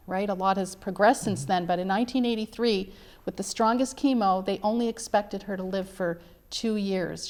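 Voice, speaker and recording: In an interview conversation, a middle-aged author recounts her family's story earnestly and emphatically. Her voice is mid-range with a darkish tone.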